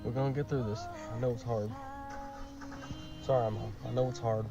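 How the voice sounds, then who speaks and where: A man's voice: medium pitch, steady tone, moderate pace, far from the mic. A man in a car urgently pleading with his viewers for donations, holding back tears. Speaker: streamer asking for donations. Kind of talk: pleading livestream appeal. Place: inside a car. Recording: muffled clip with music behind.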